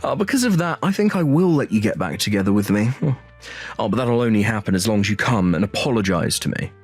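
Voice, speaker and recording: Man playing a smug, low-voiced, cheating CEO ex for a story drama. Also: animated, fast talker, breathy edge, soft background music. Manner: smug, mocking, chuckling.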